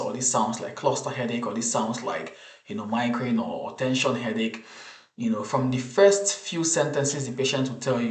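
Man, tutor, lecture over slides, measured explaining, restarts, middle pitch, echoey room. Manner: measured, explanatory, frequent restarts and "you know". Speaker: medical exam tutor. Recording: roomy echo.

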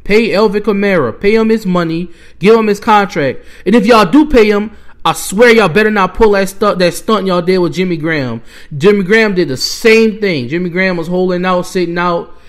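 A man's voice: high-pitched, normal speed. A young man, hosting a podcast and ranting with heated exasperation as a sports fan. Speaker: podcast host. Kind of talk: fan rant.

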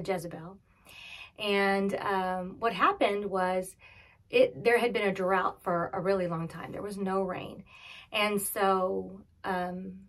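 Woman pastor, middle-aged, conversational sermon delivery with hushed emphasis. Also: medium pitch. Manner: conversational storytelling with fillers, dropping to soft near-whispers for emphasis.

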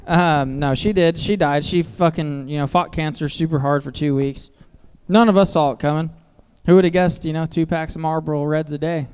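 A man in his thirties doing a stand-up comedy set on a theater stage, telling crude family stories with a deadpan, self-mocking delivery into a handheld mic. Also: fairly high pitch, moderate pace, few pauses, smooth.

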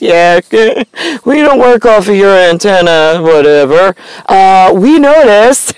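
A woman's voice: mid-range voice, animated, slow, clear, resonant tone, no echo, low-quality recording. A woman talking to her viewers in a meandering, stream-of-consciousness monologue full of ums and restarts. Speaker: vlogger. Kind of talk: rambling monologue to camera.

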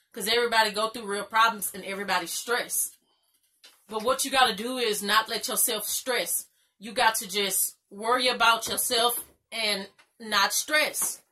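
A young woman talks straight to the camera in a bright, forceful voice. She gives casual, emphatic advice and repeats her points with informal slang. At times she is close to tears. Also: a little high. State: crying at times. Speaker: vlogger.

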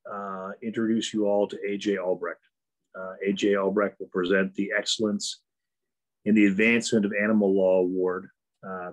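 A man's voice: fairly low pitch, rough recording. A man hosting an award ceremony over a video call, speaking earnestly with frequent ums and uhs. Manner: many fillers, earnest and praising. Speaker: event host.

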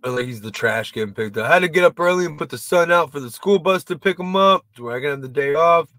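A man's voice: a little high, expressive, fast, a bit bright, no room sound. A man in his sixties hosting a comedy show, doing a loose, rambling, profane stand-up monologue. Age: 60s.

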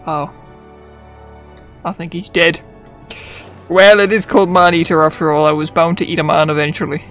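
A young man giving goofy, excitable let's-play commentary, swearing freely and chatting to the characters on screen. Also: on the high side, moderate pace, soft background music. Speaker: gamer.

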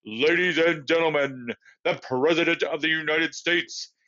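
A man's voice: a little high, unhurried, pushed and bright. A man voicing a formal TV announcer who speaks in a bold announcing way, in a dull lo-fi recording.

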